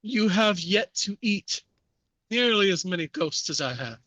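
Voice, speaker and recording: A man's voice: high voice, animated, measured pace, pushed and bright, no room sound, full character voice. Man doing a muffled French ghost-eater. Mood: coaxing. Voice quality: muffled, pleading then bargaining. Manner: wheedling, persuasive. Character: trapped male ghost-eating French chef, scheming.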